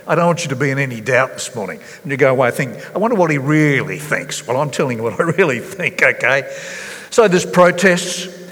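A man preaching a sermon as pastor, earnest and halting, with many fillers and restarts. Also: medium pitch, expressive, fairly bright tone, long reverb tail. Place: church hall.

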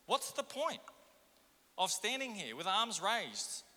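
A man preaching with a high, very bright and cutting voice. He presses the congregation with question after question. The sound carries a long reverb from the church around him. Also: very animated, slow pace. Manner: impassioned, rhetorical questions to the congregation. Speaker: pastor. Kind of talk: sermon.

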